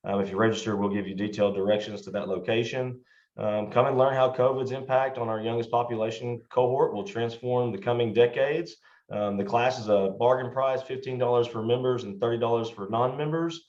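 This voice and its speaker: A man's voice: medium pitch, steady tone, a little fast, darkish tone. Man hosting in a dull, echoey room. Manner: friendly, hesitant with fillers. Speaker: interview host. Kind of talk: interview hosting.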